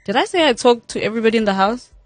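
A woman's voice: a little high, expressive, very fast, faint music behind. South African woman, candid radio guest. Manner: candid, laughs often. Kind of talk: radio interview. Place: radio studio.

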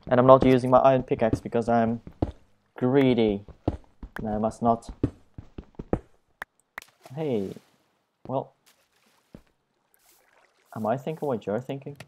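A young man giving casual, self-mocking commentary while he plays a video game, dropping puns in a flat tone. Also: medium pitch, slow pace, long pauses, a little hiss or hum. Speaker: Let's Play gamer.

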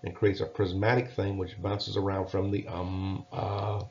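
A man's voice: sits low, flat delivery, a little slow, a little hiss or hum. A man voicing a kindly father bear who stumbles over his explanations, in a storybook reading. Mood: fumbling. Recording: dull lo-fi recording.

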